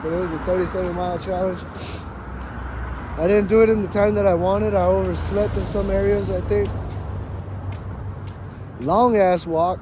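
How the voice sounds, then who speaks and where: A man's voice: high-pitched, muffled recording, background noise. Profane man rambling outdoors. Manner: profane, emphatic, dramatic and joking. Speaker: vlogger. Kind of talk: casual rambling monologue.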